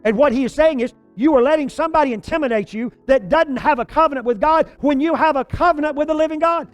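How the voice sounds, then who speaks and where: A pastor preaching a sermon, telling a story with lively energy and stumbling over repeated words. His voice sits high for a man. Soft music plays faintly underneath. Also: fast, few pauses.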